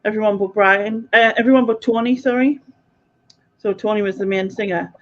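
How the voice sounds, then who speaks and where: A woman's voice: medium pitch, steady tone, normal speed, fairly bright tone. A woman hosting a casual chat tells a rambling story at an easy pace, with laughs slipping into her words. Her voice sits in the middle of the range and comes through dull, lo-fi audio. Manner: chatty, rambling, laughs while talking. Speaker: channel host.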